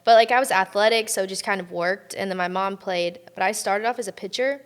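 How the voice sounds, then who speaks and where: A woman's voice: mid-range voice, brisk, clean tone. A young adult woman, a college athlete guest, telling a story in casual chat and often saying "like". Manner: chatty storytelling, frequent "like".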